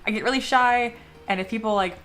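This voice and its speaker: A young woman runs a 3D sculpting livestream, chatting casually, reading viewer comments aloud and laughing often. Her voice is fairly high, a bit bright and a little fast, with faint music behind her.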